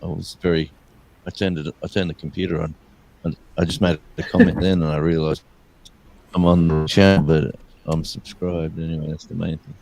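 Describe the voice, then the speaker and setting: A man with a very deep, gravelly voice makes dry joking asides in casual chat. He sounds distant from the mic, with faint noise behind him. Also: level tone, moderate pace, a little mellow.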